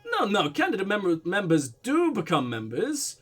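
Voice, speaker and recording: A man voicing a smooth, evasive foreign diplomat in a mock Russian-German accent, with a suave, pompous manner. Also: sits high, wildly swooping pitch, moderate pace, full character voice. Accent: mock Russian-German blend.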